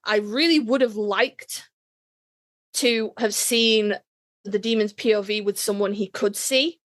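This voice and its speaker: A woman's voice: mid-range voice, measured pace, fairly bright tone. A woman co-hosting a podcast, chatting casually as she retells a TV episode, swearing freely and acting out the characters' lines. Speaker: podcast co-host. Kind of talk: casual chat recapping a TV episode. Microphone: online voice chat.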